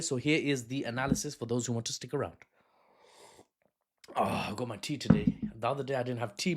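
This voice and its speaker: A man from the United Kingdom giving casual, sarcastic news commentary, rambling with fillers and restarts. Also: mid-range voice.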